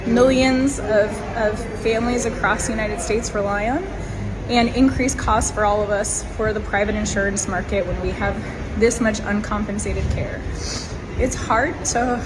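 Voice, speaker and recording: A hoarse, tired woman politician speaks in an emotional, halting way. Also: medium pitch, low-quality recording. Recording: loud background vehicle noise.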